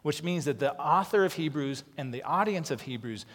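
A man's voice: a little high, expressive, normal speed, fairly bright tone, slightly rough, big-room sound. A man preaching a sermon as pastor, earnest and conversational, often repeating words as he starts sentences.

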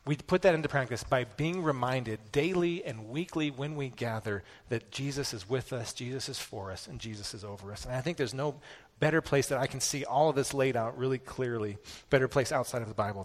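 A man in his thirties, a pastor preaching a sermon with earnest, repetitive emphatic phrasing. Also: mid-range voice.

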